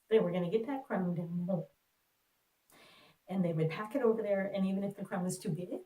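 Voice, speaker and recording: A woman telling a personal story in an earnest, reflective way, with pauses. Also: mid-range voice, warm tone. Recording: roomy, distant mic.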